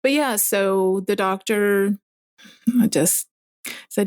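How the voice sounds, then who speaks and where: A woman's voice: medium pitch, moderate pace, creaky, darkish tone, no room sound, studio quality. A young woman, a mother, speaking candidly in casual conversation with many fillers. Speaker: guest.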